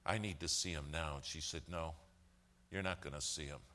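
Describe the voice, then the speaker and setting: A deep-voiced man preaching through a story, his tone bright and forceful. He slips into the voices of the people he quotes as he goes. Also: normal speed. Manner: animated storyteller, acts out quoted dialogue. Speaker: speaker telling a church story. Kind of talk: sermon storytelling.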